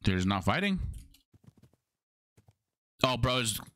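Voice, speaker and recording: A man's voice: mid-range voice, very animated, slow, a bit bright, dry recording. A young man livestreaming a game, chatting casually with his viewers in slang and humming to himself. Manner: slangy, talks to chat, hums to himself.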